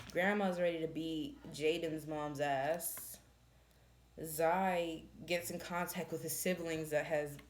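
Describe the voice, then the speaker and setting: Low gravelly woman, blunt and profane. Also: darkish tone. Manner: blunt, profane, exasperated storytelling. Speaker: book reviewer. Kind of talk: casual book review chat.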